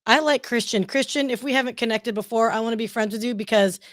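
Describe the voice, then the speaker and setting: A woman's voice: a little high, fast talker, no echo, studio quality. Chatty woman co-hosting a livestream. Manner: chatty and explanatory, frank asides. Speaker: livestream co-host. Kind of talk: casual livestream chat.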